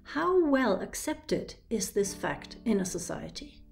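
A woman's voice: medium pitch, big pitch swings, slow, faint music behind. A woman from Germany with a German accent, explaining ideas carefully and step by step as a trainer. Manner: clear, methodical, explains with examples. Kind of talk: explanatory lecture.

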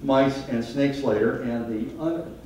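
In a slow, medium-pitched voice with a darkish tone, a man gives a humorous, self-deprecating talk as a photographer before a live crowd. The big hall is echoey, the mic sits far off, and a little hiss or hum is audible.

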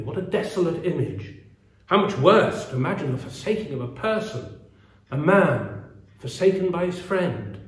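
Earnest preacher, slightly high, echoey. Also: male voice. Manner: measured, earnest delivery with pauses. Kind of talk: sermon with scripture reading. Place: church. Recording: roomy echo.

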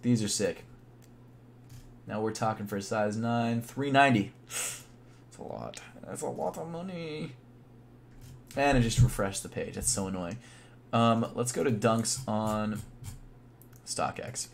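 A young man chatting casually on a live stream, thinking out loud in a laid-back way with plenty of fillers. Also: on the low side, a little slow, gravelly, pauses often, a little hiss or hum. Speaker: sneaker YouTuber live streaming.

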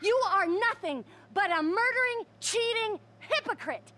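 A middle-aged wife from a video game, bitter and scornful toward her husband. Her voice sits very high and bright. She spits out insults with cutting contempt. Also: expressive, unhurried, slight background noise, heavily acted. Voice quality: scornful, cursing. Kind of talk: video game cutscene acting.

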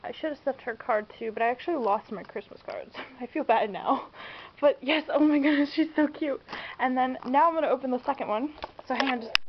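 Brisk and high-pitched, a young vlogger gushes her way through a casual unboxing in a room at home. Giggles and squeals come often as she bubbles over. Her home camera captures dull, lo-fi sound with a faint hiss.

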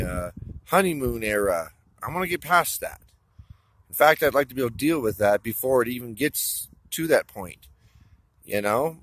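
A man recording a rambling walk-and-talk vlog outdoors, speaking straight to an absent listener, halting with many fillers and restarts. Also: medium pitch, a bit bright. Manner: talks directly to an absent listener. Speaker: vlogger. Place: outdoors in open desert country. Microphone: phone or camera held while walking.

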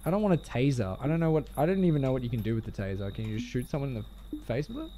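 A man's voice: mid-range voice, rapid-fire, dark tone, slight background noise. A male streamer commenting live on a game, joking and swearing as he plays and thanks his chat.

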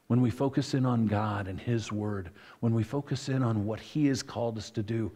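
A man's voice: on the low side, darkish tone, husky. A middle-aged man, a pastor, giving a conversational sermon full of asides and self-corrections.

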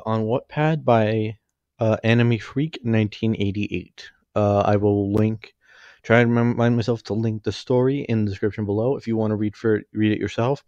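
A man reading a fan story aloud, halting and correcting himself as he goes. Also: lowish voice, a little mellow, no room sound, lo-fi sound. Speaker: fanfiction reader.

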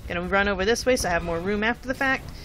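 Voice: mid-range voice, racing, pushed and bright, a little hiss or hum. A let's play host giving casual gameplay commentary, thinking aloud in a chatty way and chanting repeated words while timing moves.

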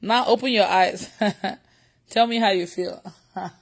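A woman's voice: mid-range voice, takes it slowly, creaky. A woman preacher leading a livestreamed prayer session, who laughs often and repeats her phrases.

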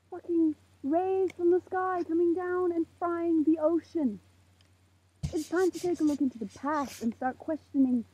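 An eighteen-year-old woman ranting to camera outdoors at night, heated and swearing, with a very husky voice. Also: sits high. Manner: heated, swearing, preachy outbursts. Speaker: vlogger. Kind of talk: impassioned rant to camera. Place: outdoors in a parking lot at night under a makeshift roof. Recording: tinny phone-like lo-fi sound.

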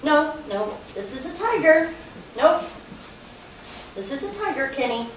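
A woman's voice: sits high, very animated, a little slow. A woman playing an impatient mother who keeps correcting her young son in a workshop role-play. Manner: corrective, repeats the child's name. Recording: echoey room, distant mic, background noise.

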